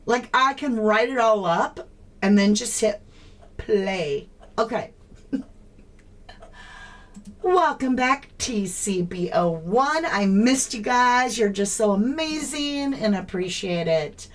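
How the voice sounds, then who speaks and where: A woman's voice: on the high side, animated, slow, long pauses. A woman hosting a true crime livestream, puzzling aloud in casual chat and greeting viewers by name.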